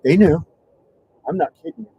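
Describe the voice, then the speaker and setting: Gravelly, mellow-toned man; rambling, profane personal account. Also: high voice, sing-song, moderate pace, muffled recording, a little hiss or hum. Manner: rambling and profane, many restarts. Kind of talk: casual storytelling.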